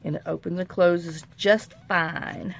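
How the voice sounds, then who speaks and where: Middle-aged woman, crafting tutorial host, gravelly fry in the voice, faint hiss behind. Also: fairly low pitch, fairly even intonation, takes it slowly. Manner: rambling, folksy and self-mocking.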